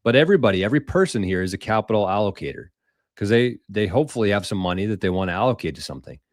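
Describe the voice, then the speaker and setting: A man rambles through a casual live stream, loose and profane as he answers viewers. His voice sits on the low side. The sound is dry and close, with no room around it. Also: animated, very fast, dry recording. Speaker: podcast host.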